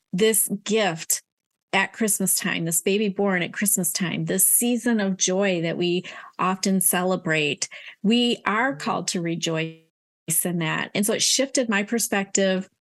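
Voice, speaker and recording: A middle-aged woman talks earnestly about her faith in a relaxed interview. Her pitch sits in an ordinary middle range. She speaks with some fillers and restarts as she works through her thoughts. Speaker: author guest. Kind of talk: casual Christian interview talk.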